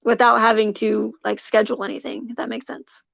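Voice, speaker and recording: A woman's voice: fairly high pitch, little pitch movement, fairly quick, creaky, fairly bright tone, no room sound, highs cut off. A woman live streaming, chatting casually with her viewers, rambling with lots of fillers and restarts and greeting people in the chat by name.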